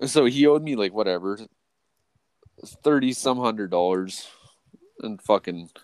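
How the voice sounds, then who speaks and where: A man's voice: lively intonation, a little slow, no room sound. A profane, rambling man telling stories. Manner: profane, rambling, full of restarts and "or whatever, right"; jumps to a much higher, louder voice when quoting people. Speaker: podcast co-host. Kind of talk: casual storytelling chat.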